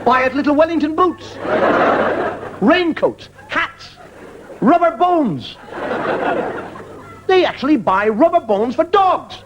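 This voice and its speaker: A man's voice: very high-pitched, lively intonation, takes it slowly, long pauses, lo-fi sound, heavy background noise. A man doing a stand-up monologue for a live audience, telling stories in a wry, conversational way. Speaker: stand-up comedian. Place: stage before a live audience. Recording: loud live audience laughter.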